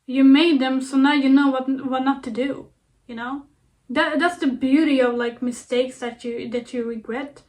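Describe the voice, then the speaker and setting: A woman's voice: high-pitched, steady tone, normal speed, a little mellow. A young woman vlogger talking casually to camera, earnest and playful, repeating herself with lots of fillers. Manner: earnest, repetitive, playful self-talk with fillers. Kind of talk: casual self-help talk to camera.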